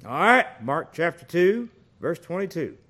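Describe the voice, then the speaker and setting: A middle-aged man delivers a folksy sermon. His voice sits high and leaps around. He rises into loud bursts and then drops to quiet asides. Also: unhurried. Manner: folksy, animated storytelling with big swings in loudness. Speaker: preacher.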